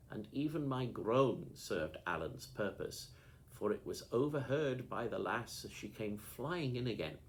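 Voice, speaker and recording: A man narrating an audiobook with lively, expressive storytelling, over a faint background hiss. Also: lowish voice, vocal fry, low-quality recording. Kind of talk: audiobook reading.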